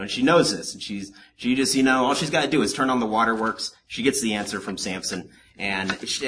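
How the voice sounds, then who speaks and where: A man preaching a Bible-study sermon in an animated, joking way, with asides to the congregation. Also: on the low side, slight background noise. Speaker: pastor teaching a Bible study.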